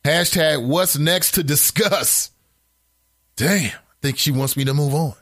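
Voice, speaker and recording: A man's voice: a little high, a little slow, no room sound, clean studio sound. A man hosting a casual call-in show, reading listener comments aloud and reacting with incredulous asides. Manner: animated, incredulous asides with laughs; reads comments aloud in a flatter tone.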